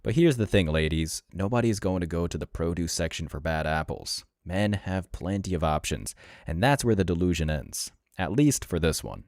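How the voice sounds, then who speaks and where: A man's voice: low voice, animated, normal speed, darkish tone, no room sound, clean studio sound. A man narrating reaction clips in a scripted, sneering and mocking tone. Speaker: commentary channel narrator.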